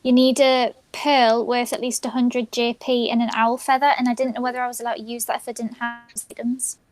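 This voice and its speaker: A woman playing a tabletop game, asking quick, inquisitive questions. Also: on the high side, flat delivery, no echo. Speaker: player.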